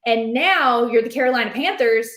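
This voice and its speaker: A woman chatting about fantasy football in an animated, rambling, playful way. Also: fairly high pitch, normal speed. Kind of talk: casual sports chat. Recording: roomy echo.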